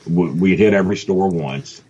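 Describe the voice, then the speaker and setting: A man telling a long comic story about himself in a casual, animated way. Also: low-pitched, moderate pace, dull audio, background noise. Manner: animated, mimics voices, laughs often. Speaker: podcast guest telling a story.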